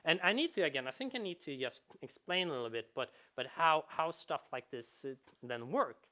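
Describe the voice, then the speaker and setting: A man, a game designer, giving a conference talk, animated and full of restarts and repeated words. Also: a little high, normal speed.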